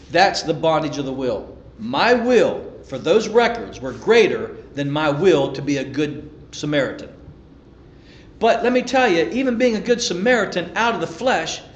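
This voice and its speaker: A middle-aged man preaches in an animated, storytelling way, stumbling over and repeating his phrases as he builds. His voice sits high for a man. The room around him rings with echo. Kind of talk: sermon with personal story.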